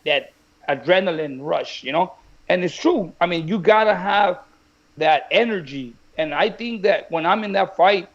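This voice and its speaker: A man who trains boxers, telling stories in a lively way in a casual chat, often restarting his sentences. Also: high-pitched, lo-fi sound. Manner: animated, tells stories with repeats and restarts. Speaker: boxing trainer.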